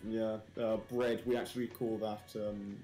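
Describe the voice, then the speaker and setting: A man's voice: on the low side, flat delivery, a little slow, mellow, soft background music. Joking British man on a stream. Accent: British English. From England. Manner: joking, laughs a lot, swears freely. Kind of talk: casual banter on a game stream.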